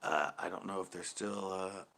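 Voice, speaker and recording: Laid-back guy hosting a chill livestream, kinda tired, chuckles a lot, lowish voice but bright and forward. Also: steady tone, normal speed, vocal fry, a little hiss or hum. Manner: laid-back, chuckles often, trails off mid-sentence. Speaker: channel host reading live chat. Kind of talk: casual livestream chat.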